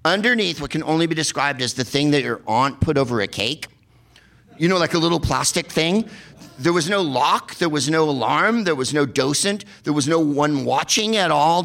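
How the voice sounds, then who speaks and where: A man's voice: fairly high pitch, expressive, moderate pace, gravelly, a bit bright. A man telling rambling, sardonic comic travel stories, with plenty of swearing and filler words. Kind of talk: comedic travel storytelling.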